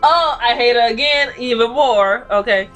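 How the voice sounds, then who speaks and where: A woman's voice: a little high, moderate pace, fairly bright tone, soft background music. A woman giving a casual, blunt and profane recap of a TV episode, ranting about the characters. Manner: blunt, profane, sassy commentary. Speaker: TV recap reviewer.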